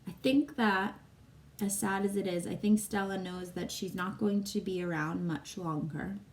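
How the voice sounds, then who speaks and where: A woman's voice: medium pitch, moderate pace. Emotional woman reading to kids. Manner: emotional, asks listeners questions. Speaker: teacher reading aloud. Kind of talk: reading a children's novel aloud with commentary. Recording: faint room noise, slightly distant mic.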